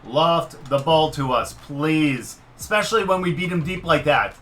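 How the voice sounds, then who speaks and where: Male game commentator, higher-pitched, excitable, yells at plays. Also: measured pace, a little hiss or hum. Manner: excitable, swings from muttering to shouting at the quarterback. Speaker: gaming commentator. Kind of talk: live gameplay commentary.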